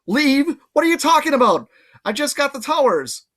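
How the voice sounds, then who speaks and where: A man doing a whiny, shrill young heroine. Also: sing-song, moderate pace, a bit bright, heavily acted. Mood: annoyed. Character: annoyed, distracted girl hero, young.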